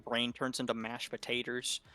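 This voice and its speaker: A man's voice: mid-range voice, completely flat delivery, normal speed, pushed and bright, smooth, faint music behind. A man from the Southern US with a light Southern accent, casually co-casting a game stream, joking and rambling. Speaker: tournament co-caster.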